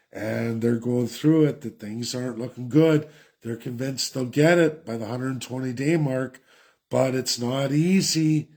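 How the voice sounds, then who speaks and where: A man's voice: medium pitch, a little mellow. A man from Canada ranting sarcastically in a political commentary vlog.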